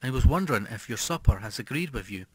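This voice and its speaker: A man reading the part of a calm, cold middle-aged wife who plots a poisoning, speaking quietly and primly. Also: medium pitch, moderate pace, dry recording, natural voice.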